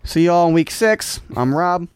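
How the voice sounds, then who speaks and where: A man's voice: high voice, lively intonation, unhurried, smooth, dry recording. A man co-hosting a casual sports podcast, joking loosely with plenty of fillers. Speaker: podcast co-host.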